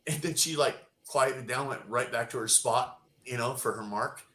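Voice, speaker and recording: A man telling a long profane story as a podcast guest, loud and animated. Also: medium pitch, normal speed, echoey room, rough recording. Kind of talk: casual storytelling.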